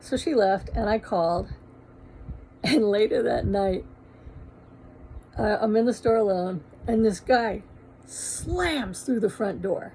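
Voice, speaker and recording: A woman shop owner telling a funny anecdote in a lively, casual way with salty humor. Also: mid-range voice, slow pace, long pauses, husky, poor audio.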